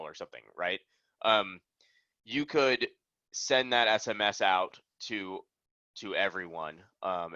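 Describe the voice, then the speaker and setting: A man with a lowish but bright, forward voice talks through product updates in a relaxed, rambling webinar style, scattering ums and likes as he goes. The sound is dry and close, with a slightly dull, lo-fi quality. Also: no room sound. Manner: loose, chatty, lots of ums and likes. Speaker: product presenter. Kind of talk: casual webinar walkthrough.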